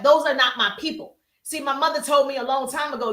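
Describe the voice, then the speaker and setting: Bright, high-voiced energetic woman coach. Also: quick pace, reverberant. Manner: calls out to viewers in the chat. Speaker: social media business coach. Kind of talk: live-stream teaching to viewers.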